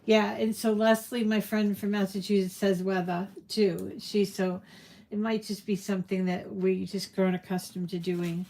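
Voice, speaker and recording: A woman's voice: medium pitch, little pitch movement, normal speed, a little mellow. Chatty New woman hosting a craft stream. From New England. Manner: chatty, rambling, many ums and restarts. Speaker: crafting livestream host. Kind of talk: casual live-stream chat.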